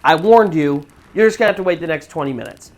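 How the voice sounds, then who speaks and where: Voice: medium pitch, expressive, fast talker, close to an everyday voice. The storyteller quoting a stern, middle-aged male mission president who gives firm, clipped warnings. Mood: exasperated.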